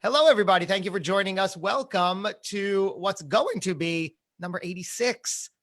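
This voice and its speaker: A man's voice: sits high, moderate pace, fairly bright tone. A man with a New Jersey accent hosting a live-streamed interview show, chatty and full of fillers and restarts. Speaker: podcast host.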